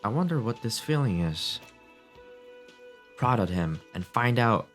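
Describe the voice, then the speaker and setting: A man's voice: medium pitch, big pitch swings, unhurried, pauses often, a bit bright, faint music behind. A man reading narration and dialogue aloud from a game he is playing, with amused commentary. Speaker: gameplay streamer.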